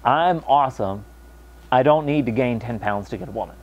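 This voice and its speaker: Animated man ranting to camera, lo-fi. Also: mid-range voice, moderate pace. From United States. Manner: animated, mocking voices in quotes. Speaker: vlogger. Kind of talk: casual rant to camera.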